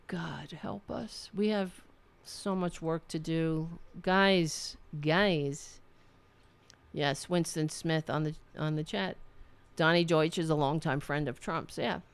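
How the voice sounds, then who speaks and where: Slow, smooth-voiced angry woman host. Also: medium pitch, a bit bright. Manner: angry, sarcastic, swearing. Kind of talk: political commentary livestream.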